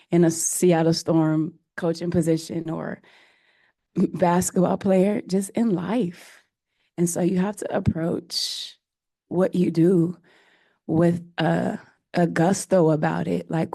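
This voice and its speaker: A woman head coach answering press conference questions in an earnest, emotional way, often pausing with fillers. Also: fairly low pitch, vocal fry, mellow, dry recording, clean studio sound. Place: press room.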